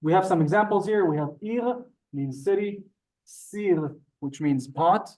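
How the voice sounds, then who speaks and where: A male Hebrew teacher leads a live beginner class in a synagogue room, also streamed on Zoom. His voice sits a bit high for a man. He is polite and chatty, calling his students "sir". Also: unhurried, a little mellow.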